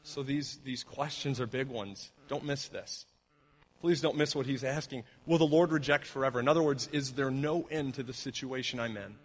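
A middle-aged man preaches to his church in a relaxed, conversational way. He leans on everyday fillers and often drops soft and low when he wants a line to sink in. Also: moderate pace, slightly rough. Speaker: pastor. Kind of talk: sermon.

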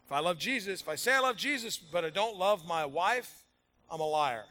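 In a large room full of worshippers, a male pastor with a high, expressive voice that sounds pushed and bright speaks at an ordinary pace. His sermon is casual and full of jokes, gathering momentum before he turns to reading scripture.

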